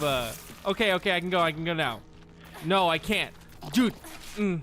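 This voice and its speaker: Animated, bright-voiced exasperated gamer man. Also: fairly high pitch, moderate pace, soft background music. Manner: exasperated, swearing, yelling at an enemy, laughing. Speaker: streamer playing a horror game. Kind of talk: casual gameplay commentary.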